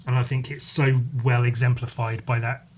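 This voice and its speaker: A man hosting a solo podcast, rambling in casual chat, swearing freely and filling pauses with "like" and "um". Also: medium pitch, little pitch movement, a little hiss or hum. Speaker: podcast host.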